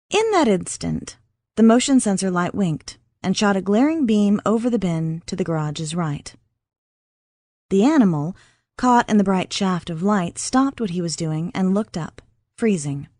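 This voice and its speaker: Slow, dry-voiced woman narrator. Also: medium pitch, lively intonation, darkish tone, no echo. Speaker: audiobook narrator. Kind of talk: scripted narration.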